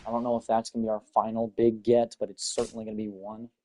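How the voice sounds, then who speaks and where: A man's voice: on the low side, flat delivery, quick pace, mellow, slight background noise, rough recording. A young man thinking aloud in casual, blunt commentary while playing a baseball game. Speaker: gaming channel host.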